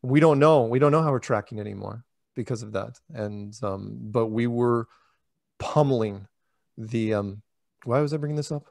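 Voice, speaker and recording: A man talks in a loose, animated ramble, acting out quoted dialogue with bursts of excitement and sudden drops in volume. He sits at an ordinary middle pitch. The room sounds dry and close, with almost no echo. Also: normal speed, creaky. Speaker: interviewee, flat earth public speaker. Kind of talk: casual storytelling interview.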